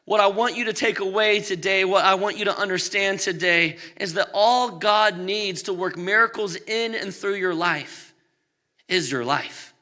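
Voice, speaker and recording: A man preaching a sermon with a high, bright voice. He moves from loud, emphatic lines to hushed, low ones and slips humorous asides between points. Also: normal speed. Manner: swings between loud emphatic peaks and quiet low passages. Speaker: pastor.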